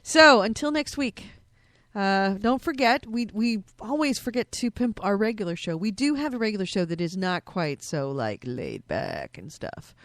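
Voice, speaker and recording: Woman, podcast co-host, casual joking chat, swears freely, mid pitch, dry close mic. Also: big pitch swings, moderate pace, no echo.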